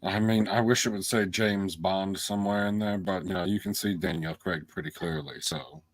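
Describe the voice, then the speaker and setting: A man's voice: low-pitched, steady tone, moderate pace, no echo. A man co-hosting a live stream, chatting casually and teasing his partner with sarcastic jabs. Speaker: co-host.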